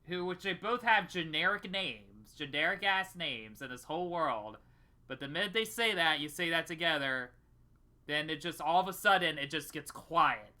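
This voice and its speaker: A man's voice: on the high side, expressive, normal speed, bright, forceful tone. A young man co-hosting a podcast in casual chat, rambling and swearing freely. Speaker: podcast co-host.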